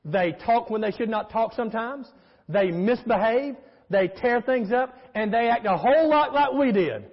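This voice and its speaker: A man's voice: very high-pitched, lively intonation, normal speed, slightly rough. A man preaching a sermon as pastor, emphatic, with call-and-response and storytelling. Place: church sanctuary. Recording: echoey hall, muffled sound.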